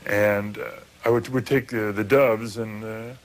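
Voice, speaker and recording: A former football player recalling stories in an interview, relaxed and rambling. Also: male voice, lowish voice, a little slow. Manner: relaxed, rambling, many fillers. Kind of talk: anecdotal storytelling interview.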